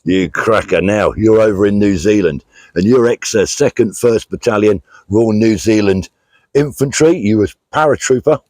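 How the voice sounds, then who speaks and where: Recorded with no echo, a middle-aged British man talks at normal speed in a fairly low, slightly mellow voice. He's hosting a casual outdoor vlog during a charity walk in the countryside, speaking plainly, using many fillers and reading out thanks to donors.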